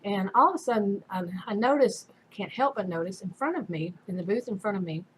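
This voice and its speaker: A woman's voice: medium pitch, animated, brisk, slight background noise, rough recording. A woman casually telling a personal story in a rambling way, full of fillers and restarts. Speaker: vlogger.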